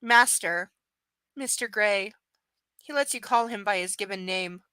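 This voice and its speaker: A woman voicing an unstable, childlike young woman in a storybook reading, speaking softly in a sing-song way. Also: medium pitch, a little slow, clean tone, no echo.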